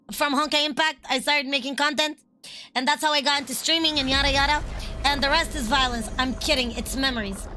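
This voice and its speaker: A woman streamer chatting casually over gameplay, excitable and profane, laughing often. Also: sits high. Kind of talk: casual gaming stream chat.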